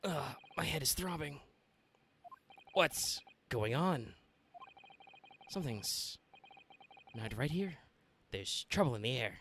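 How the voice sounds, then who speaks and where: A man's voice: a little high, animated, slow, pauses often, fairly bright tone, a little hiss or hum, exaggerated voice. A man voicing a groggy, bewildered young man waking up as a captive, reading game dialogue aloud.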